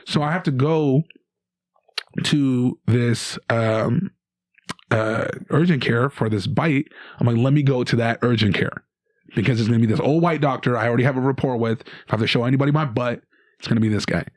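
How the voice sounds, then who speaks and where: A young man from Canada, a guest comedian, telling an animated story with many restarts in casual podcast chat. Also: mid-range voice, moderate pace, no room sound, clean studio sound.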